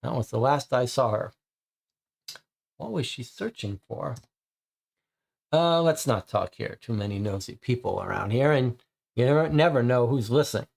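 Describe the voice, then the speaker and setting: A man's voice: medium pitch, animated, vocal fry, a little mellow. A man reading aloud as a theatrical man who role-plays a vampire, stretching his words in an affected way. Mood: secretive. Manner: slow, drawn-out, affected vampire speech.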